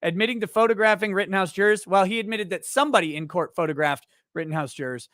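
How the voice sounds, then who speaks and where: Here a man chats casually on a livestream, joking as he reads out what viewers type. He often stops and restarts sentences, rambles, and turns animated while storytelling; his pitch is high, and the studio recording is clean with no echo.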